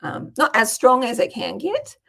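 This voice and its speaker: Brief: Australian woman, regional accent, relaxed chatty Q&A host, gravelly and husky. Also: fairly high pitch, normal speed. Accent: Australian, regional Queensland. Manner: chatty, swears casually. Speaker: business coach hosting a Q&A. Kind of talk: casual live Q&A storytelling.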